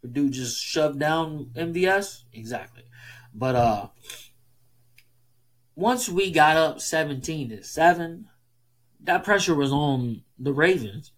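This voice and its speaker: A man hosting a solo sports podcast, ranting casually and heatedly, with frequent swearing and emphatic rises in pitch. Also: expressive, fairly bright tone. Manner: heated, profane, emphatic, fast swings in pitch. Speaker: podcast host.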